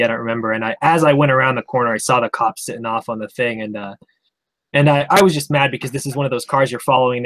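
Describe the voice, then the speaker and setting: A young man from Vermont, a guest in an interview, telling rambling stories about traffic stops in a casual way and acting out the police officers he quotes. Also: mid-range voice. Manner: rambling, animated, acts out quoted cops. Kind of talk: casual storytelling.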